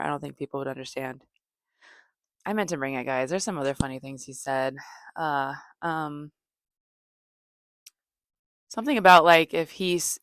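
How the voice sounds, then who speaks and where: A woman comedian hosting a podcast, telling stories in a deadpan, low-energy way, rambling with fillers and self-corrections. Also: no room sound, studio quality. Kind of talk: casual storytelling monologue.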